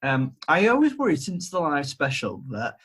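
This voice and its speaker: A husky man retells an old legend on a video-call podcast, with a voice pitched a touch high. He rambles, hesitates and jokes at his own expense as he goes. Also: huge pitch swings, moderate pace, fairly bright tone. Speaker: podcast co-host retelling a myth. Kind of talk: casual storytelling chat. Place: home, remote call.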